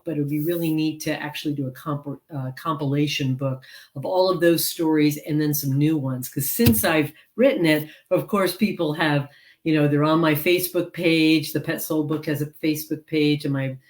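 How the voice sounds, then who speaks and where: A woman author and counselor speaking as an interview guest over a video call, earnest and rambling with many fillers. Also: low-pitched. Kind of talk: casual interview chat.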